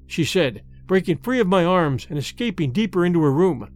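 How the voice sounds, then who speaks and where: Man reading an old ghost story, lively voice, faint music under it. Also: fairly high pitch, fairly quick, few pauses. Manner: expressive, theatrical reading. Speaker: narrator. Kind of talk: audiobook storytelling.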